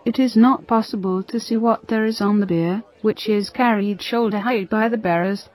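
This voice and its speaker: A woman narrating a religious story in a steady, reverent reading. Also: mid-range voice, moderate pace, low-quality recording.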